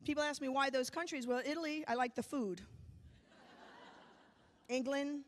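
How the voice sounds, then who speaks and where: A woman from New York giving a motivational speech, telling a personal story with comic timing and dramatic pauses. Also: high-pitched, steady tone. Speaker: motivational speaker. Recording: long hall reverb.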